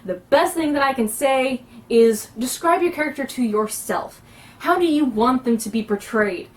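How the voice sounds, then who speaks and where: Woman, fairly high voice, earnest tabletop roleplay tutorial, mic some distance away. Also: lively intonation. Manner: earnest, instructive, with frequent pauses. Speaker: roleplaying instructor. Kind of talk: casual explanatory lesson. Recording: recorded from a distance.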